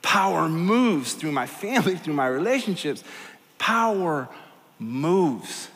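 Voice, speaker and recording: A man's voice: on the high side, sing-song, moderate pace, a bit bright. A middle-aged man preaching as a pastor, conversational and self-deprecating, with acted asides. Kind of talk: sermon. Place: large church auditorium. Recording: long hall reverb.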